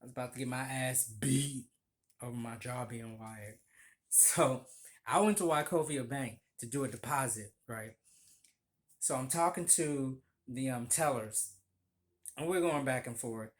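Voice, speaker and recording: A man telling stories of his old barista job in a casual, animated vlog, acting out the voices of people he quotes. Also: medium pitch, a little slow. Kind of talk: casual storytelling.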